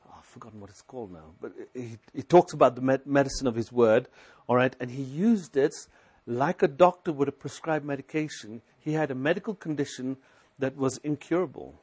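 A man's voice: medium pitch, fairly quick, darkish tone, slightly rough. A man preaching a sermon, urging his listeners with repeated rhetorical questions and scripture recited aloud. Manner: exhorting, repetitive, rhetorical questions.

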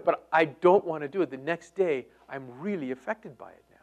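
A middle-aged man preaching a sermon, moving between loud emphatic lines and hushed near-whispers. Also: a little high, quick pace, few pauses. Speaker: pastor.

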